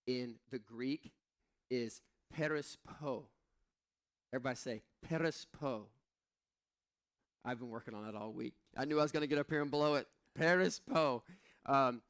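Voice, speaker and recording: A man preaching a sermon at a church service, telling stories with animated, self-mocking humor. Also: fairly high pitch. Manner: animated, self-deprecating storytelling. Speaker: pastor.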